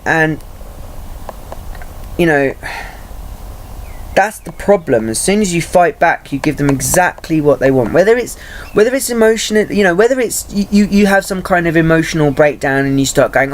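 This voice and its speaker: Halting, searching man, slightly high voice. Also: animated, slight background noise. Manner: halting, searching for words with many fillers and restarts; swears freely. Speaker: vlogger. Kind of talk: personal vlog monologue.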